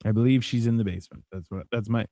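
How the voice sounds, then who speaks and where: A man's voice: fairly low pitch, fast, mellow, dry recording. A man co-hosting a casual movie watch-along, joking and swearing freely. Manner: joking and profane, with mocking voices for characters. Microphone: live stream microphone.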